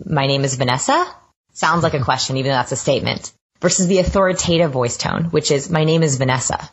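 A woman's voice: sits low, slightly rough, lo-fi sound. A woman guest on a podcast interview, explaining research with eager enthusiasm. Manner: enthusiastic, self-described science geek. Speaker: guest expert.

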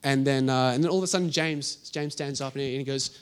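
A young man preaching a sermon, telling a story in lively asides and acting out the people in it. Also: mid-range voice, fast, hardly any pauses, clear, resonant tone.

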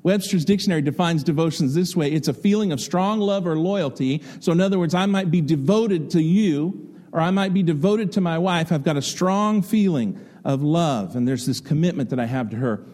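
A middle-aged pastor preaching a conversational, folksy sermon full of stories and rhetorical questions. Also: male voice, fairly high pitch, normal speed, warm tone.

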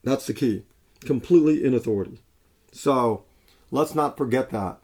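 A man preaches conversationally, restarting often and using many fillers. His voice is medium-pitched and darkish, at a moderate pace.

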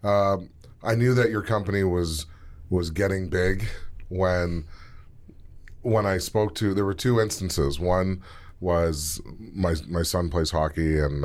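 Male host, studio interview, very deep voice, enthusiastic anecdote-teller. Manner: chatty, enthusiastic storyteller. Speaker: interview host from a stock exchange.

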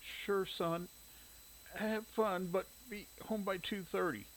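A man's voice: sits high, steady tone, takes it slowly, voice pushed up, rough recording. A man voicing a sick, worried mother who fights back coughing fits in a storybook reading.

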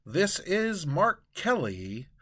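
A man hosting a comedy podcast and narrating a story in a deliberate, unhurried manner. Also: high-pitched, very animated, fairly bright tone, breathy edge.

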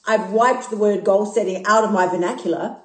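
A woman's voice: medium pitch, a little fast, echoey room. Blunt Australian woman, swearing coach. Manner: blunt, swearing, animated, self-mocking. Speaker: podcast host and emotional eating coach. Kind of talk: casual live-stream monologue. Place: recorded live on a phone stream. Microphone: phone mic.

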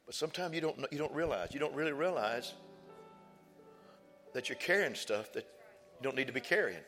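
A man's voice: mid-range voice, expressive, fairly quick, sharp tone. A man, a pastor telling a personal story in a sermon with folksy, emphatic repetition. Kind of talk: sermon testimony. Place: church sanctuary. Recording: church hall reverb with faint music.

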